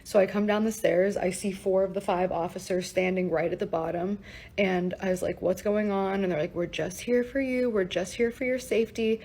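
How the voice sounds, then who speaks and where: A young woman recounting an upsetting personal event in a casual storytime vlog, talking fast with lots of "like" and swearing, emotional and shaken. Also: medium pitch, fairly even intonation, dark tone, slightly rough, low-quality recording. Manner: fast, breathless, heavy use of "like" and swearing.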